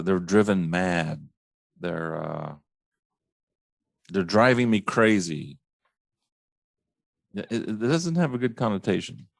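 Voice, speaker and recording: Male host, low voice, dry close sound; a casual, exasperated rant full of restarts and mocking impressions. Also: creaky, dry recording. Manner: exasperated, mimics others with high mocking "right?"; halting restarts, repeats words. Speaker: podcast host.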